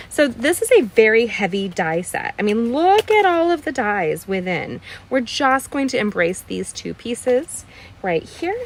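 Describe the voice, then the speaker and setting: A woman's voice: mid-range voice, slight background noise. A woman from the Midwest hosting a live card-making tutorial, upbeat and chatty, talking to viewers as friends from her craft room.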